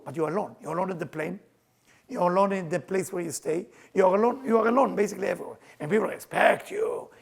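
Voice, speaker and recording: A middle-aged man, a spiritual teacher, telling personal stories in an animated, earnest lecture, in halting broken English. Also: high-pitched, vocal fry, breathy edge. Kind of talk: storytelling lecture.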